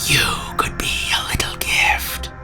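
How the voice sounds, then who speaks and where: A man voicing a slimy spirit in a tunnel that speaks in a slow, soothing, breathy whisper. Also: music in the background, natural voice.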